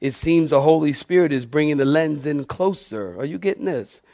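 A man's voice: on the high side, normal speed, gravelly, mellow, no echo, clean studio sound. A middle-aged man preaching a sermon as pastor, emphatic, repeating key phrases and asking the congregation questions.

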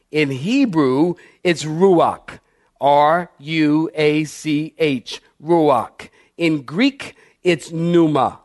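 A man's voice: fairly high pitch, darkish tone. A male pastor preaching a sermon, emphatic, calling on his congregation to answer back.

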